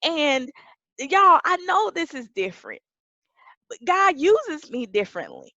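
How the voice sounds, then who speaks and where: A woman pastor preaching an emphatic sermon that rises to shouts. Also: high voice, wildly swooping pitch, measured pace, no room sound, lo-fi sound.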